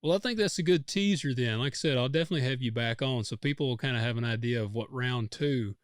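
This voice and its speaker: A man's voice: medium pitch, quick pace, dry recording, studio quality. A man hosting a podcast, easygoing and laughing along with his guest. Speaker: podcast host. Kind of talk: casual chat.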